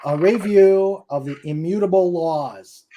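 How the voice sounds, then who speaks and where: A man's voice: high-pitched, warm tone, lo-fi sound. A man with a New England accent hosting a casual web show, telling jokes and laughing often. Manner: joking, unhurried, laughs often. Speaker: host.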